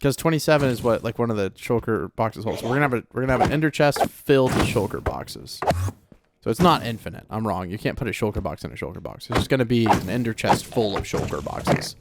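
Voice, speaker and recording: A man's voice: on the low side, expressive, quick pace, gravelly, very noisy. A man hosting a video game let's play, chatting casually, laughing often and talking back to the game. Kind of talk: casual gameplay commentary. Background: game music.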